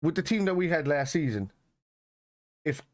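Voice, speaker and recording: A man's voice: a little high, expressive, moderate pace. A man co-hosting a football watch-along in casual chat, rambling and swearing with many restarts.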